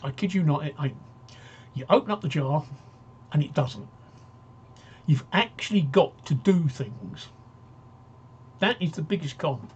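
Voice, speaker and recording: A man's voice: fairly high pitch, expressive, measured pace, long pauses, darkish tone, husky, muffled recording. A man hosting a casual live-stream talk show, rambling and joking as he reads out viewer comments.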